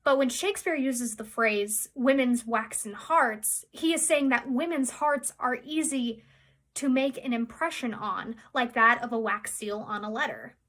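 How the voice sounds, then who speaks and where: A woman's voice: fairly high pitch, bright, forceful tone. A young woman, a theatre student, giving an academic analysis of a speech in an explanatory way. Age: young adult. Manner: explanatory, with occasional fillers.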